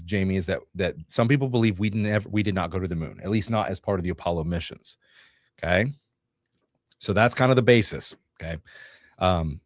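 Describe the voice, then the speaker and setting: A middle-aged livestream co-host from Northeast Georgia, US, rambles and jokes while reading from notes and viewer comments. His pitch is fairly low, and the sound is clean studio quality with no room sound.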